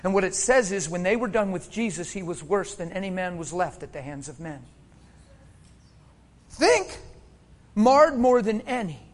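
A man from Pennsylvania preaching a sermon, swinging from shouts down to hushed near-whispers and laughing often as he talks. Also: sits high, expressive, normal speed, pauses often.

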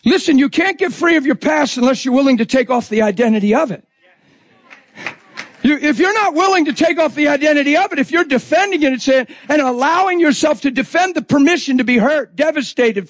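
Male preacher, very high pitch, dry close sound; intense, talky sermon delivery. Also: lively intonation, a little fast, no echo. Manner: intense, conversational preaching with acted-out quotes.

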